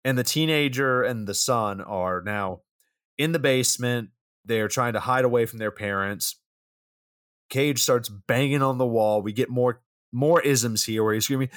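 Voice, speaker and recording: A man's voice: medium pitch, unhurried, fairly bright tone, dry recording, clean studio sound. A man co-hosting a podcast, casually recapping a film's plot with easy chuckles and a loose, chatty delivery. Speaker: podcast co-host reviewing a film. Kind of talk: casual chat.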